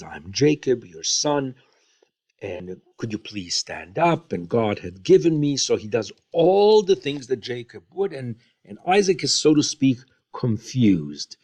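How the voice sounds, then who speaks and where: A man's voice: medium pitch, a little mellow. A man teaching a Bible lesson, retelling the story and briefly acting out the quotes, with frequent fillers.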